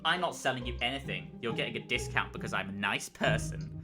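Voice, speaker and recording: Guy doing a tired burger lady, flat and a bit put-upon, music under it. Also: mid-range voice, brisk, close to an everyday voice. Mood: deadpan. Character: weary middle-aged woman running a grimy burger stand. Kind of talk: comedic reading of a generated story. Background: background music.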